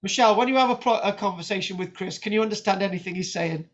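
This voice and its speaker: High-voiced man giving a chatty lecture. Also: quick pace, lo-fi sound, slight background noise. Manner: animated, chatty, frequent restarts and "right?" tags. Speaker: history teacher. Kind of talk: informal lecture with notes on screen.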